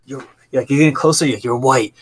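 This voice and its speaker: A man hosting a podcast, telling a story in an animated, slangy way and acting out what people said. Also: mid-range voice, rapid-fire. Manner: animated, slangy, acts out quotes. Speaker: podcast host. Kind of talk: casual storytelling chat.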